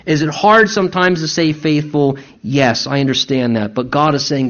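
A man preaching a sermon, earnestly exhorting the congregation, repeating key words and slowing down or speeding up for emphasis. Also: on the high side, animated, fairly bright tone, dull audio. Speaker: pastor.

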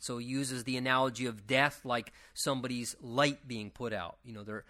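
A man teaching a Bible passage verse by verse, reading scripture slowly and then explaining it in loose, conversational asides. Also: medium pitch, pushed and bright.

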